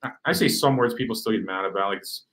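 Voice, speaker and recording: A man chatting as a podcast guest, animated and swearing, acting out voices and often saying "bro". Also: lowish voice, fast, poor audio. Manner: animated, swears, acts out quoted voices, says "bro" a lot. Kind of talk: casual chat.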